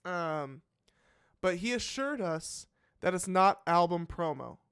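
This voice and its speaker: A male reaction-show host talks in a loose, musing way, full of "um"s and restarted sentences. His voice sits slightly high and sounds smooth and resonant. The sound is close and dry, with no room echo. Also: expressive, slow pace, a bit bright. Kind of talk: casual live reaction commentary.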